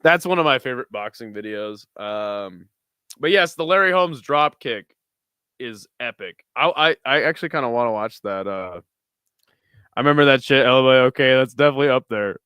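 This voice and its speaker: Lively young man laughing mid-story. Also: medium pitch, normal speed, clear, resonant tone, dry recording. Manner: laughs often, swears freely, animated storytelling. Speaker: streamer. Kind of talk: casual chat with viewers while watching videos.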